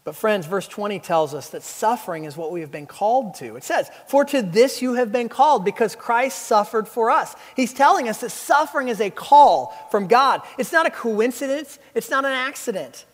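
A man in his thirties delivers a sermon with a high, bright-pitched voice. He mixes humorous stories with emphatic preaching. The sound carries the long reverb of a large hall. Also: lively intonation, normal speed, few pauses. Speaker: pastor.

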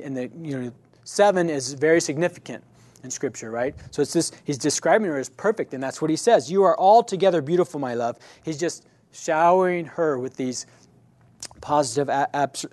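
A fairly high-voiced man teaching a Bible class. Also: a little mellow. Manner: conversational, keeps checking in with "right?"; restarts and self-corrections.

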